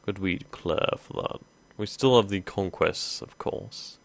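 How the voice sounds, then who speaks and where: A man's voice: deep voice, measured pace, vocal fry. A man hosting a strategy game let's play, thinking aloud casually with many ums. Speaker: gaming video host.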